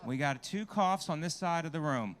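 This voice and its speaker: A man's voice: on the high side, lively intonation, moderate pace, a bit bright. A man doing a stand-up comedy set on a club stage, brash and crowd-working, swearing freely into a handheld mic.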